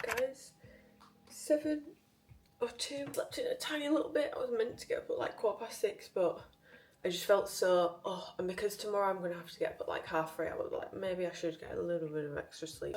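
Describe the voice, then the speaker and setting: A young woman talks through her week in a relaxed, rambling vlog. Her voice sits at a middling pitch and she fills gaps with ums and likes as she goes. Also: a little hiss or hum. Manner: chatty, rambling, many fillers. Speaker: lifestyle vlogger. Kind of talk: casual vlog chat.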